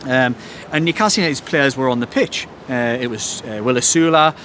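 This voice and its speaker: A young man, a football journalist and podcast host, chats excitedly and tells an animated story that keeps breaking into laughter. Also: mid-range voice, a little fast, slight background noise. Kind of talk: excited casual chat. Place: outdoors at night abroad.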